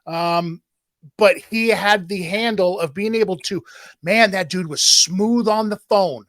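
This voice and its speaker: A man hosting a podcast, telling a story with emphatic, animated delivery. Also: sits high, measured pace, no room sound. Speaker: podcast host. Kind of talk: casual chat.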